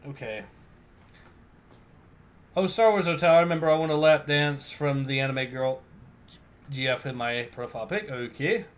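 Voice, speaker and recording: A man's voice: on the high side, moderate pace, pauses often. Laid-back young man reading chat comments. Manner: laid-back, reads viewer comments aloud with fillers and laughs. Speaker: livestream host.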